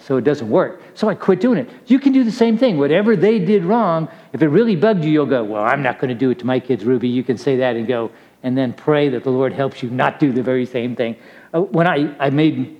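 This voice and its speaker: A middle-aged man gives a relaxed sermon to a young crowd, telling stories against himself in a chatty way. His voice sits at an ordinary pitch, and the recording sounds dull and lo-fi. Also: big-room sound. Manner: chatty and self-deprecating, laughs at his own stories. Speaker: preacher. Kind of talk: casual storytelling sermon to young people.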